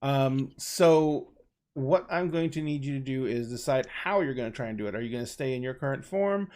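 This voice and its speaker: A man running a tabletop role-playing game, relaxed and hesitant as he works out the rules aloud. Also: medium pitch, moderate pace. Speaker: storyteller.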